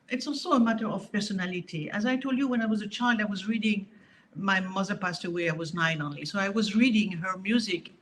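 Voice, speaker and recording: In a casual interview, a harp teacher with a French accent and a mid-range voice speaks emphatically and with animation, often starting her sentences over.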